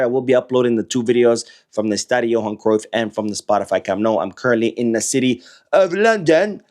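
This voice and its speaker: A man hosting a football news live stream from away while he travels, lively and sarcastic in his asides. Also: fairly low pitch.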